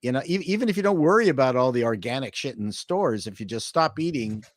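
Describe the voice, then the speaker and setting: A man's voice: mid-range voice, lively intonation, fast talker, no echo, clean studio sound. A man on a casual panel chat, ranting bluntly and swearing casually. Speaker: panel guest.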